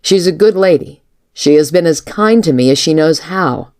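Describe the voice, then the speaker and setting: A woman reading the lines of a flustered, lovestruck male army major in a storybook, in a low plain voice. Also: lively intonation, normal speed, darkish tone. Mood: earnest.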